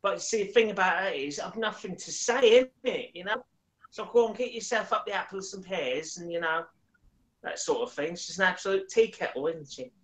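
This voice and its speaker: A man's voice: sits high, moderate pace, a bit bright, pitched above the performer's own voice. A man putting on a cheeky East End London man with a put-on East End accent, chirpy and slangy.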